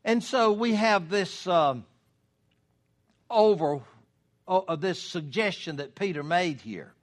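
An earnest preacher man with a somewhat high voice delivers a folksy sermon. He builds to loud, drawn-out emphasis on his key points. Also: expressive. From United States. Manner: earnest, folksy, rising to loud emphasis when voicing God.

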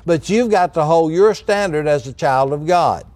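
A man's voice: on the high side, lively intonation, moderate pace, darkish tone, dry recording. A man preaching a sermon as pastor, folksy and direct with the congregation.

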